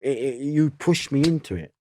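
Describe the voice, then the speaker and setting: A man, telling a rough anecdote in a casual chat and laughing at his own story. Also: medium pitch, expressive, normal speed, slight background noise. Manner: gravelly, laughs loudly at own stories. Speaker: guest storyteller.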